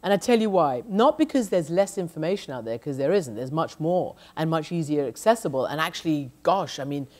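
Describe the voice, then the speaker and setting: A middle-aged woman journalist, a guest at a lecture, speaks in an onstage conversation with a low, darkish voice and lively intonation. She talks briskly and emphatically with hardly any pauses, frequently restarting her sentences and saying "you know."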